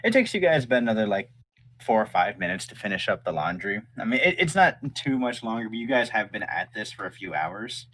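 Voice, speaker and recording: A man running a tabletop role-playing game, describing scenes for his players. He talks in loose, hesitant runs full of fillers. His voice is a little low but bright and forward. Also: very animated, a little fast. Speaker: game master.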